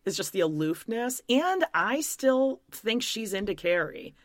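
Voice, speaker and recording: A woman's voice: mid-range voice, big pitch swings, unhurried, no room sound, studio quality. A woman co-hosting a casual podcast, making blunt, wry remarks about a TV show and swearing casually. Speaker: podcast co-host. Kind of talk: casual chat recapping a TV show.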